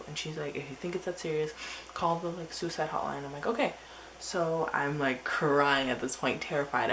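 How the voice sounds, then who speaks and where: Low-voiced teen girl vlogger, rambling. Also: fairly bright tone, a little hiss or hum, rough recording. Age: teens. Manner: rambling, filler-heavy storytelling. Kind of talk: casual diary vlog.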